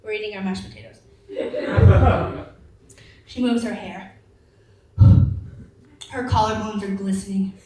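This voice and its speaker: A woman in her twenties performing a stand-up set, telling stories in an animated way and acting out the people in them. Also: mid-range voice, takes it slowly, pauses often. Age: 20s. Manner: animated storytelling with acted-out quotes. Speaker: stand-up comedian. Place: comedy venue with a live audience. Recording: roomy venue mic picked up from a distance, audience laughter.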